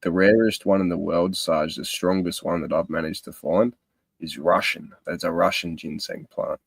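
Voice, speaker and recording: A man's voice: low voice, steady tone, moderate pace, vocal fry, breathy edge, no echo. A man chatting casually in a rambling, hesitant way. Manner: rambling, hesitant, lots of fillers. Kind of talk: casual chat.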